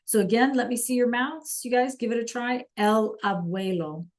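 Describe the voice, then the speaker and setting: A woman teaching a live online language class, slowly sounding out words for students to repeat and encouraging them by name. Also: on the high side. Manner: slow careful enunciation of words for students to repeat. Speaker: Spanish teacher.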